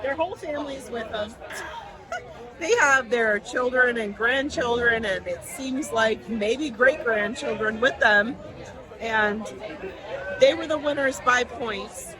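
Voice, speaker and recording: A woman vlogging on a cruise ship, chatting excitedly about her day. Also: fairly high pitch, slow, rough recording. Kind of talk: casual vlog chat. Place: busy cruise ship lounge. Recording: crowd noise. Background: crowd chatter.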